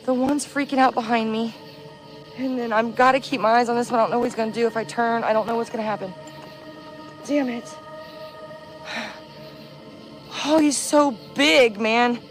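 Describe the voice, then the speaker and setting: Panicked high-voiced woman filming in dark woods. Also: steady tone, normal speed, long pauses, faint music behind. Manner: pleading, breathless, panicky, swearing. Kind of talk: frightened live commentary to viewers. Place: dark woods outdoors at night. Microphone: handheld camera.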